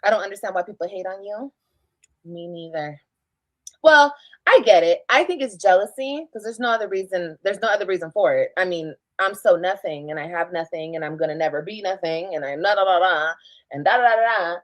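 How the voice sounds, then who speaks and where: A woman's voice: lowish voice, animated, a little fast, no room sound, poor audio. A woman streamer who talks defensively and emphatically, repeating her points as she answers critics. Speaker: live streamer. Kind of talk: casual live-stream talk.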